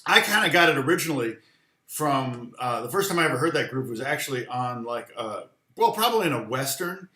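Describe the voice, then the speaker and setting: A man's voice: mid-range voice, expressive, a little fast, pushed and bright, roomy sound. A man teaching guitar in a loose, rambling live lesson, humming rhythms aloud between explanations.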